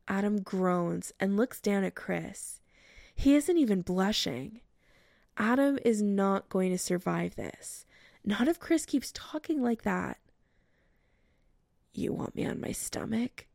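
A woman narrating a romance story as an audiobook reading, slow and even. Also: mid-range voice, creaky, dry recording, studio quality.

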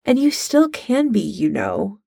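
A woman's voice: mid-range voice, huge pitch swings, measured pace, vocal fry, dark tone, breathy edge, no echo, studio quality, exaggerated voice. A woman playing a sly, teasing young woman. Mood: earnest. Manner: teasing and emphatic. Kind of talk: fan fiction read aloud.

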